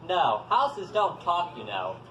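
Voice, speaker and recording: A man telling folktales live to an audience, animated and coaxing listeners to join in. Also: sits high, slow pace. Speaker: storyteller. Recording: echoey hall, faint background noise.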